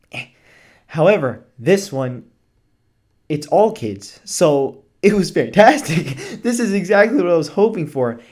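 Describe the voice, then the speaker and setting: Young guy vlogging a movie review, super hyped, swears a lot, laughs a bunch, totally casual. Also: a little high. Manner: excited, gushing, swears casually, laughs often. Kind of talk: casual chat.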